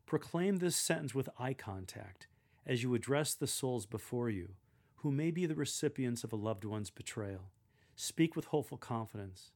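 A man giving measured, deliberate instruction on how to proclaim a scripture reading aloud, speaking clearly as a lector coach. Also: medium pitch, expressive, a little mellow.

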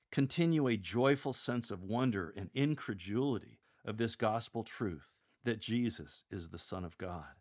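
Low-voiced man coaching scripture readers. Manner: measured, explanatory, slows down to model readings. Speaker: lector coach. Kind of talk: instructional talk on reading scripture aloud.

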